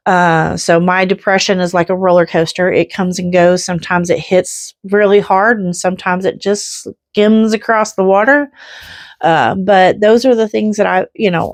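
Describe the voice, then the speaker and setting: A woman's voice: fairly low pitch, dry recording. Earnest woman in her fifties, dry sound. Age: 50s. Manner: earnest, rambling with restarts. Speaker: faith vlogger. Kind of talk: casual heartfelt chat.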